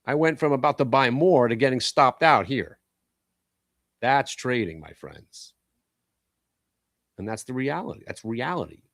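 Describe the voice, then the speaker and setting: A man hosting a live stock trading show, talking bluntly and excitably as he trades, swearing at the market. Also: mid-range voice, measured pace, long pauses, no echo, clean studio sound.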